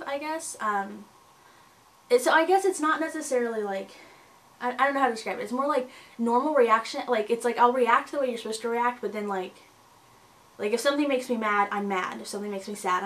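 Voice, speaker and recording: A young woman chatting casually to camera in a vlog, full of fillers, with a slightly husky morning voice. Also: mid-range voice, low-quality recording. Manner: chatty, lots of fillers and likes. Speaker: pregnant vlogger.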